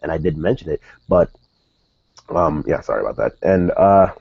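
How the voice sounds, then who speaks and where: A man's voice: rumbling low, sing-song, moderate pace, vocal fry, slightly rough, no echo, highs cut off. A man giving a casual, rambling recap of a wrestling show as its regular reviewer, often correcting himself and saying "dude" and "like". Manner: rambling, self-correcting, says "dude" and "like" a lot.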